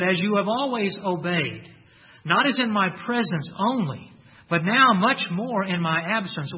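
A man's voice: high voice, dull audio. A man preaching a sermon in an earnest way, repeating key phrases and quoting scripture. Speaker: pastor.

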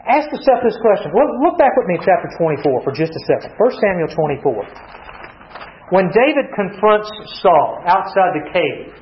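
A man's voice: high voice, very animated, moderate pace, slight background noise. A man preaching an expository sermon in a conversational way, asking rhetorical questions and acting out quoted lines. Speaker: pastor. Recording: dull lo-fi sound.

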